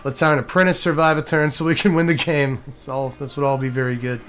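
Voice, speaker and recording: Animated man narrating his card game. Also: a little high, quick pace. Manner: animated, talks to himself and the game, exasperated rants. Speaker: gameplay streamer. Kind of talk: casual game commentary.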